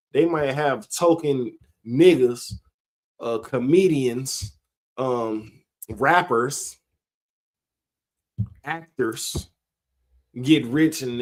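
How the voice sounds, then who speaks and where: Slow-talking man preaching casually. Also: mid-range voice, darkish tone. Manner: slow, conversational, laughs between points. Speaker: street preacher. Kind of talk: casual sermon-style monologue.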